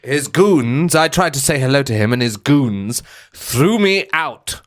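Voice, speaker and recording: A man's voice: medium pitch, expressive, measured pace. A man guesting on a comedy podcast, joking around and known for doing silly voices. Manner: playful, jokey, does silly voices. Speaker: guest co-host. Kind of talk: casual comedy podcast chat.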